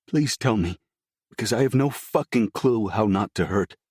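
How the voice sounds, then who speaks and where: A man's voice: mid-range voice, moderate pace, darkish tone, dry recording, studio quality, voice pushed up, lightly acted. A man reading the lines of a grieving young man in an audiobook, strained and tearful. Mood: anguished. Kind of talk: audiobook dialogue.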